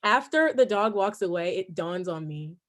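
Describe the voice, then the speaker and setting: A young woman from New Jersey with a New Jersey accent, telling a casual story with swearing and animated quoting. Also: mid-range voice, normal speed, a crowd in the background. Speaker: guest, cousin of host.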